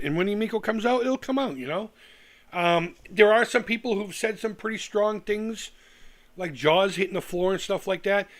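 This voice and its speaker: Heated, profane man ranting on a live stream. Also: sits high. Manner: heated, profane, sarcastic, with restarts. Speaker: retro gaming YouTuber on a live stream.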